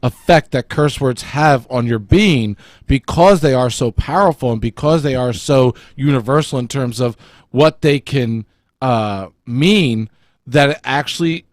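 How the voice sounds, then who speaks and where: A man's voice: mid-range voice, a little slow, no echo. A man co-hosting an online radio talk show, chatting casually and explaining things at length. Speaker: co-host.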